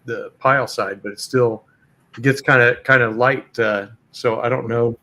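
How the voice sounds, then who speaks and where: A man's voice: mid-range voice, fairly even intonation, measured pace, sharp tone. A man hosting a casual live chat, easygoing and hesitant with lots of fillers. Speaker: host.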